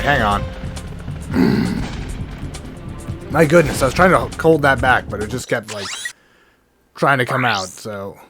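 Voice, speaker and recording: A man with a medium-pitched voice hosts a let's play, offering excitable, meandering gameplay commentary that often stops mid-thought, peppered with casual swearing. Game music and sound effects play in the background.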